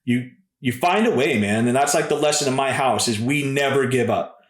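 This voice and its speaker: A man's voice: medium pitch, normal speed, roomy sound. A man in his thirties, a podcast guest telling stories in a casual, laid-back way and often calling people "dude" and "man". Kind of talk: casual storytelling.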